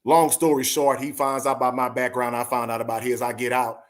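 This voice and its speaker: A man's voice: mid-range voice, flat delivery, a little fast. Earnest man in his forties telling a story. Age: 40s. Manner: earnest, addresses listeners directly. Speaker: podcast co-host. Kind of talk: casual storytelling.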